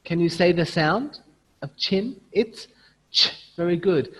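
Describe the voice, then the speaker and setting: A man's voice: high voice, slow, fairly bright tone, big-room sound. A man running an online teacher training, demonstrating phonics sounds and chanting prompts as he would to young learners.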